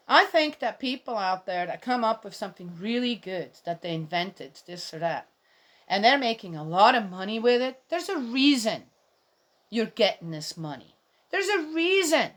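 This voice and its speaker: A woman's voice: medium pitch, very animated, unhurried. A middle-aged woman giving casual, indignant commentary on a Bible reading, rambling and speaking straight to her viewers.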